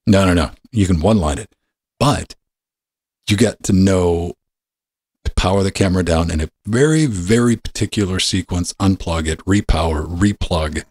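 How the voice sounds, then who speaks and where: A man hosting a podcast, his voice deep with a husky, rough edge. He talks in loose, profane rambles and now and then jumps way up in pitch. The sound is dry and close. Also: normal speed, a little mellow, no room sound. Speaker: podcast host. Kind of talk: casual podcast banter.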